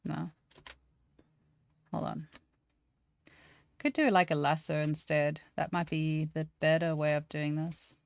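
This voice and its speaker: In slow, deep tones marked by vocal fry and long pauses, a woman teaches 3D sculpting on a live stream. She chats casually, thinks aloud and jokes at her own expense as she works through problems.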